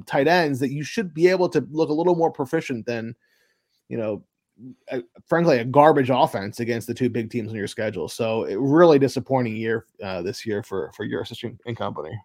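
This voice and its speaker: A man's voice: medium pitch, no room sound, studio quality. A man co-hosting a sports podcast, giving his views in casual chat and often repeating words while he thinks. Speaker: podcast co-host.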